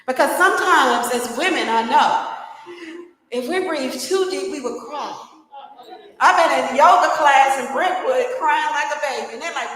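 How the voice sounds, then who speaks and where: A woman emceeing a live community event in a church hall, chatty and lively, laughing between remarks. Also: high-pitched, normal speed. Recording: echoey hall with long reverb.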